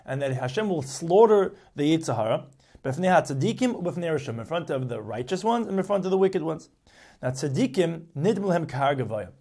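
A man's voice: fairly high pitch, a little mellow. A man giving a Talmud class, reading Aramaic passages aloud and then explaining them in English, with frequent repeats and restarts. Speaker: Talmud teacher. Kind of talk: Talmud class lecture, translating line by line.

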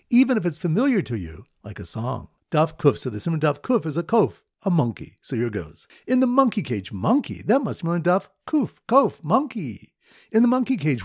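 A man giving a Talmud lesson, telling playful memory-aid stories in a lively storytelling way, with Hebrew and Aramaic terms. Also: a little high, husky, dry recording, studio quality. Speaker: Talmud teacher.

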